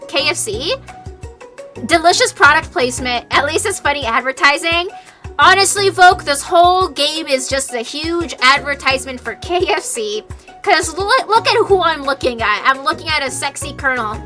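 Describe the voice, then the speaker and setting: A woman's voice: sits high, lively intonation, normal speed, bright, forceful tone, soft background music. A young woman streaming a dating game, reading its text aloud and joking about it in a playful way.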